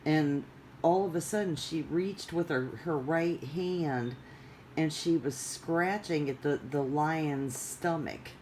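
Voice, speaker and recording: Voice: mid-range voice, slow pace, a little mellow, slight background noise, rough recording. A vlogger chatting casually in a rambling, digressive way with many fillers. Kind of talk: casual chat.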